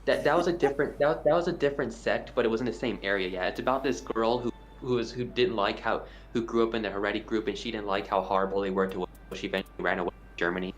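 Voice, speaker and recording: A man's voice: on the low side, rapid-fire, hardly any pauses. A man from the United States streaming in an online group voice chat, often stumbling and repeating words.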